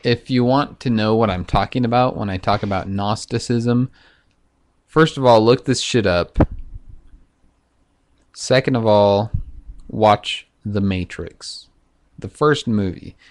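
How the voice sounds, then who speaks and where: A man talking in a loose, profane, halting monologue full of fillers, vlogging to camera. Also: lowish voice. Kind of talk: casual rambling monologue.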